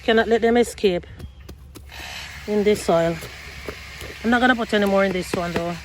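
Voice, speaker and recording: A woman's voice: mid-range voice, normal speed, a little hiss or hum, low-quality recording. A woman hosting a gardening vlog outdoors, chatting casually with her viewers and calling them guys and y'all. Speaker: gardening channel host.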